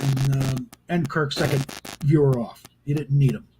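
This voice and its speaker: A man's voice: mid-range voice, level tone, normal speed, noisy background. A man giving casual, rambling spoken commentary on a film, with frequent restarts and exasperated asides. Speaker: video host reviewing a film.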